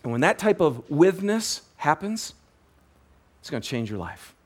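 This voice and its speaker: A man preaching a sermon as pastor, telling a story with animated energy, often restarting and repeating words. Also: on the high side, a little slow.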